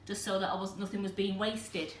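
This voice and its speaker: A woman's voice: mid-range voice, flat delivery, brisk. A woman hosting a live cooking demonstration in a kitchen, chatting to viewers as she explains each step. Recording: echoey kitchen with faint noise.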